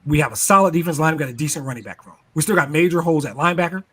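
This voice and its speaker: Animated man talking football. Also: fairly high pitch, very fast, slightly rough. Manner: animated, repeats words, laughs often. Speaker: sports talk show regular. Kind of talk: casual sports podcast chat.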